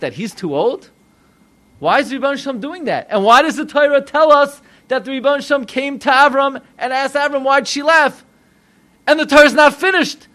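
A rabbi preaching a sermon, animated and full of rhetorical questions to his listeners. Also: high-pitched.

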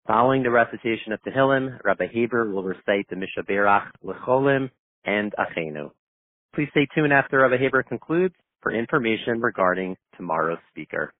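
Male host, lowish pitch, formal and measured, dry phone-line sound. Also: lively intonation, no room sound. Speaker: host of a daily prayer call. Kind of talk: formal announcement and introduction.

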